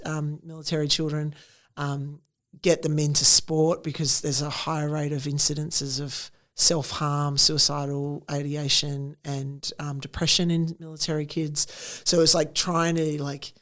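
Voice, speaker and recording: A woman in her forties with an Australian accent, telling stories in a casual interview, animated and full of acted-out quotes. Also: sits low, measured pace. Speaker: interview guest, entrepreneur.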